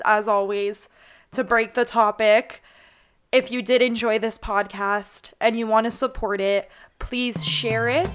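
A woman's voice: a little high, clear, resonant tone. A young woman hosting a podcast, chatting casually and closing out the episode with upbeat sign-offs. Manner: upbeat, reads a poem aloud slowly. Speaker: podcast host.

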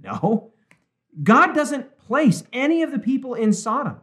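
A male pastor in an emphatic Bible study discussion who slows down to stress quoted words. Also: very high voice, very animated, a bit bright.

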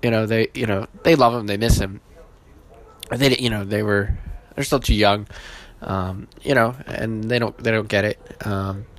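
A man hosting his own podcast, casual and halting, with many fillers and restarts, emotional and holding back tears. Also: lowish voice, fairly even intonation. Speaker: podcast host.

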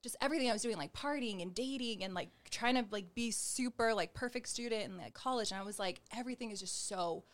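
A woman's voice: on the high side, quick pace, hardly any pauses. A young adult woman telling her personal faith testimony in conversation. She talks chattily, fills her speech with "like", and acts out the lines she quotes. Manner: chatty, heavy use of "like", acts out quoted dialogue; gestures while talking. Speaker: guest sharing her testimony.

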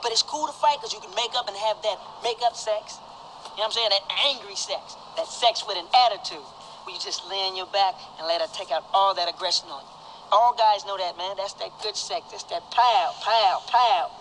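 A man's voice: high voice, a little fast, a bit bright, slight background noise, rough recording. An actor playing a brash, crude male prison inmate in a film scene, talking with swagger and tossing in "man" again and again. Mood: boastful. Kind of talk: film dialogue.

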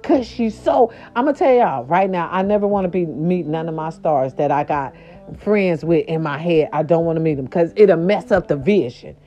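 A woman's voice: normal speed, soft background music. A woman hosting a casual gossip talk show, sassy and dramatic, with slangy, playful delivery. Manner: animated, sassy, slangy, dramatic pitch swings. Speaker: show host. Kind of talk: casual celebrity gossip monologue. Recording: dull lo-fi audio.

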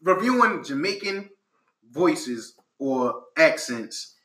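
Male podcast co-host, bright and expressive, loose profane banter in an echoey room. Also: fairly high pitch, slow pace. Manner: animated, profane, trails off and restarts. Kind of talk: casual chat.

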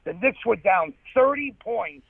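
High gravelly man on a phone line. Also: dry recording. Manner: animated anecdotes, fast asides. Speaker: comedian guest. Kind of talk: storytelling interview.

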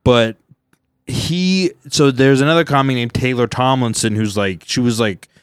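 A young male stand-up comedian hosts a casual podcast, rambling loosely through stories and breaking into goofy voices for his bits. His voice sits at an ordinary middle pitch, and the recording is dry and close with no room sound. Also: moderate pace, clean tone, no echo. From Southern California. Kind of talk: casual chat.

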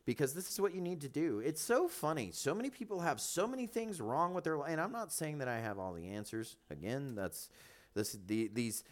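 A man's voice: on the high side, lively intonation, a little fast. Blunt podcast pastor guy, repeats himself, hammers his points.

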